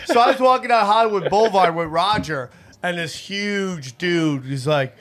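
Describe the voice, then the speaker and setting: A man hosting a casual podcast, his voice sitting a little high for a man. He tells quick joking stories with lively energy. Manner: joking storyteller, animated. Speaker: podcast host.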